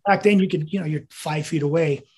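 A man's voice: on the high side, brisk, slightly rough. An American man in his seventies, a veteran guest in an interview, telling rambling anecdotes with chuckles and quoted dialogue. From United States. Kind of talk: storytelling interview.

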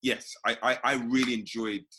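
A man's voice: mid-range voice, fairly even intonation, moderate pace, pushed and bright, a little hiss or hum. A man, an actor talking as an interview guest in a thoughtful way, often restarting and repeating words. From England. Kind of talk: casual interview chat.

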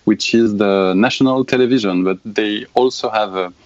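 A French-accented man talks casually on a podcast, halting and a little apologetic. His voice sits on the low side. The recording is dry and somewhat dull, missing some top end. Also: darkish tone, no echo. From France. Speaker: podcast co-host, illustrator. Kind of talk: casual chat.

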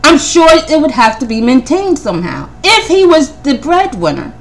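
A woman hosting a podcast, talking through her notes in casual commentary, firing off one pointed question after another and often repeating her words. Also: high-pitched. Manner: animated, rapid-fire questioning, repeats words; preacherly Christian tone. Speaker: podcast host.

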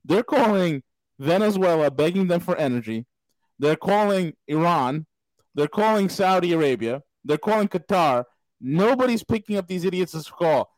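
A man's voice: high-pitched, expressive, a little mellow, no echo, poor audio. Emphatic male host, dry close sound. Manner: emphatic, scornful, quick agreement. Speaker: podcast host. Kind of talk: casual interview talk.

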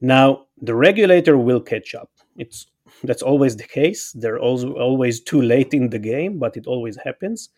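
A man's voice: medium pitch, expressive, normal speed, darkish tone. Earnest man making his case. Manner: earnest, persuasive explaining with direct appeals. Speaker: company CEO, interview guest. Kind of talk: podcast interview answer.

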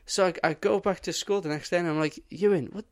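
A young man co-hosting a podcast, telling an animated story in casual chat and swearing often. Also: high voice, fast talker. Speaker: podcast co-host.

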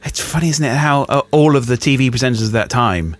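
A man's voice: mid-range voice, fast talker, no echo. A middle-aged man co-hosting a podcast, talking casually in a hesitant, dry, easygoing way. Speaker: podcast co-host. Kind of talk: casual chat.

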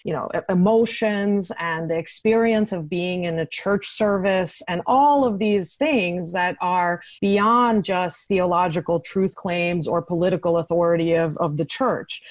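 A woman's voice: lowish voice, a little slow, hardly any pauses, no echo. A woman researcher talking through her archive findings in an interview, thoughtful, with lots of restarts and fillers and frequent laughs. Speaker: guest researcher. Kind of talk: academic interview conversation.

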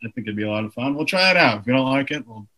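A young man, a comedian guest on a podcast, joking in a deadpan, self-deprecating way. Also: mid-range voice, racing. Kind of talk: casual interview chat.

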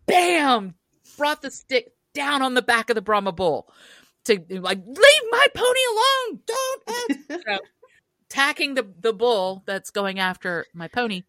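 A woman telling a childhood story on a podcast in an animated way, often laughing as she talks. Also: medium pitch, dry recording. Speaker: podcast guest. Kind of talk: casual storytelling.

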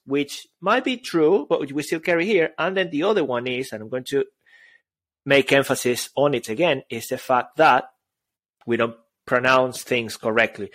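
A man's voice: mid-range voice, fairly bright tone, no echo. A man with a Spanish accent, a native Spanish speaker, co-hosting a podcast in playful, rambling chat. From Spain. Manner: playful, laughs often, rambling. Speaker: podcast co-host.

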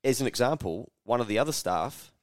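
A man co-hosting a casual podcast, swearing freely and mimicking people in loud, high voices. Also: lively intonation, brisk, no echo, studio quality. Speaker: podcast co-host.

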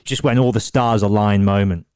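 Male interviewer, eager and encouraging, smooth low voice, dry sound. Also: fairly even intonation, moderate pace, a little mellow, no echo. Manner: enthusiastic, encouraging questions, laughs along. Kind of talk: casual interview.

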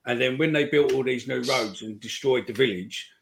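A man's voice: medium pitch, moderate pace, creaky, fairly bright tone, a little hiss or hum. A man co-hosting a live football podcast, chatting casually and telling rambling stories. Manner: rambling storyteller, chuckles often. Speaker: podcast co-host. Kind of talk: casual chat.

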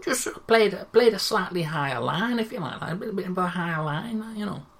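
A woman's voice: lowish voice, expressive, fairly quick. A woman voicing a modest male football caretaker manager in a comedy sketch, who rambles and hesitates with lots of fillers. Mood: bashful.

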